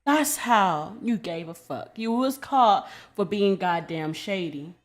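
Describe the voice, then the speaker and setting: A woman's voice: medium pitch, lively intonation, slow pace. A young adult woman giving a casual commentary rant, blunt and profane, scolding and repeating herself to drive the point home. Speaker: commentary creator.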